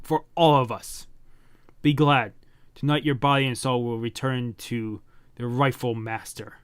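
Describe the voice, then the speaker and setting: A man voicing an arrogant male gang leader from a comic, making loud, scornful declarations. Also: medium pitch, steady tone, measured pace, clear, resonant tone, no echo, natural voice. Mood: gloating.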